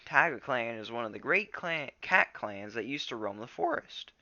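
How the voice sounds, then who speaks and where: A man's voice: mid-range voice, expressive, moderate pace, sharp tone, dull audio. A man voicing a cheerful scatterbrained young cat.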